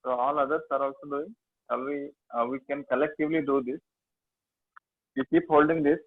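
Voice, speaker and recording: A man with an Indian accent teaching a yoga class, giving halting instructions with many fillers. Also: a little high, fairly even intonation, no echo. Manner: slow, halting instructions with many fillers, chanting and singing tones. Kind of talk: guiding a mudra and mantra class. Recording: dry, phone-like lo-fi sound.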